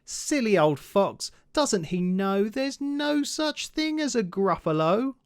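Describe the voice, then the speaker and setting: A man voicing a small, clever mouse in a children's storybook reading, with a high, chirpy voice. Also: big pitch swings, slow pace, clean tone, dry recording, clean studio sound, heavily acted. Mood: smug.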